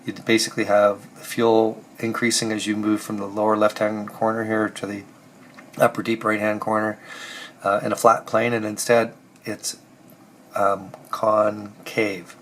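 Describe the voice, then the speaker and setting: Guy with a cold, kinda hoarse, low flat voice, lots of ums, walking thru car tuning, faint hiss behind. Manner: halting, many ums and restarts, thinking aloud. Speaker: car restorer explaining engine tuning. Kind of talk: casual technical walkthrough.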